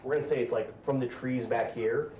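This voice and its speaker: A man's voice: mid-range voice, steady tone, a little fast, warm tone. A man running a tabletop game as game master, narrating in a loose, hesitant way. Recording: roomy, distant mic with faint hiss.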